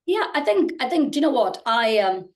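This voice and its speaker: Earnest woman with a higher voice. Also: sing-song, a little fast. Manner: earnest, explains with many restarts and "you know". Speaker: podcast guest, personal growth creator. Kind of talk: casual podcast conversation.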